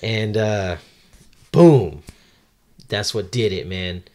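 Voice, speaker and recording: A man's voice: on the low side, a little slow. A man co-hosting a podcast, casually recapping a manga chapter and reading character lines aloud with many ums. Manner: reads quotes aloud in a lightly acted voice, many ums and uhs. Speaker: podcast co-host.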